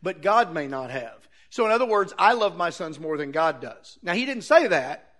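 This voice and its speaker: A man's voice: fairly high pitch, sing-song, moderate pace, a bit bright. A man preaching a sermon, reading Bible verses aloud and arguing his point earnestly with rhetorical questions.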